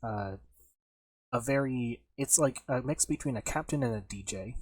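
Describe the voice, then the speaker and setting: A man's voice: medium pitch, normal speed, slightly rough, dry recording. A man narrating a tabletop game as game master, rambling with many fillers.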